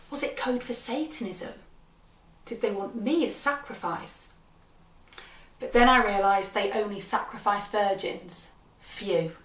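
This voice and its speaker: A woman storyteller telling comic tales from her childhood with a wry, deadpan delivery. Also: medium pitch. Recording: roomy sound from a distant mic.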